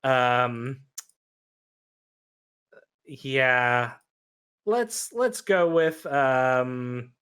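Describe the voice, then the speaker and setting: A man's voice: medium pitch, very animated, drawn-out words, pauses often, a bit bright, smooth. A man narrating a tabletop role-playing game as game master, in a loose, hesitant way with frequent fillers.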